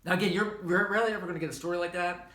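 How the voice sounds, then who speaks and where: A man's voice: high-pitched, racing. A middle-aged man with a Southern American accent giving an informal, conversational history lecture, correcting himself as he goes. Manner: conversational, self-correcting, animated asides. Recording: echoey room.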